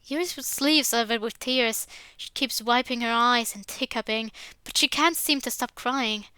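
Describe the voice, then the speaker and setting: A woman narrates a visual novel in the first person and breaks off into casual, rambling asides. Her voice is bright and smooth, a little high, recorded close and dry. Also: unhurried, no room sound. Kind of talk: reading a visual novel aloud with commentary.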